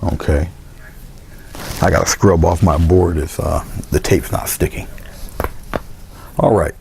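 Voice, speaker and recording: A man casually talking through a painting demonstration step by step as an art instructor, trailing into quiet asides as he works. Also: low voice, fairly even intonation, slow pace, vocal fry, slight background noise. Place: indoor studio.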